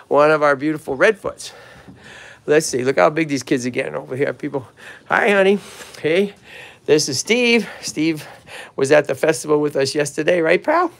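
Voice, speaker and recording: A man from Lowell with a Massachusetts accent, hosting a casual livestream outdoors and chatting eagerly with viewers and his animals. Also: gravelly. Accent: Boston-area Massachusetts. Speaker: tortoise sanctuary host. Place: outdoors at a tortoise yard. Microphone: handheld phone camera, filming himself.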